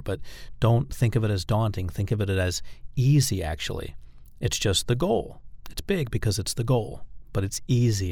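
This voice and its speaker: Low gravelly man coaching. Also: darkish tone, no echo, clean studio sound. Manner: demonstrates phrases by acting them out; direct, coaching address to the listener. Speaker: dating and persuasion coach. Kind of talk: instructional talk.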